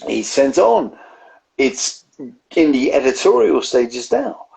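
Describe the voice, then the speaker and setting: A man co-hosting a casual beer chat stream, rambling along with plenty of swearing. His voice is gravelly and rough, and his pitch rises and falls a lot as he talks. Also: big pitch swings, slow, a little mellow, poor audio. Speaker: beer review co-host.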